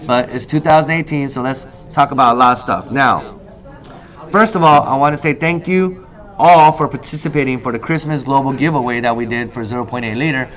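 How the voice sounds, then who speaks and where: A man in his thirties hosting a casual talk show monologue, telling stories with lively acted-out quotes. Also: a little fast. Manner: animated storyteller, acts out quoted lines in a higher voice. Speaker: host. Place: in Korea.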